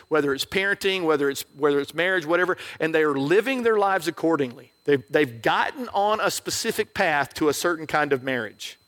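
A man's voice: sits high, a bit bright. A middle-aged male pastor preaching a sermon in a conversational, joking way, often checking in with the crowd.

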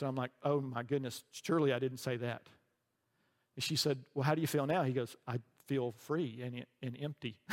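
Middle-aged pastor in a reverberant hall. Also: male voice, fairly high pitch. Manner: conversational storytelling, often checks in with "right?". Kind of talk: sermon. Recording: long reverb from a large hall.

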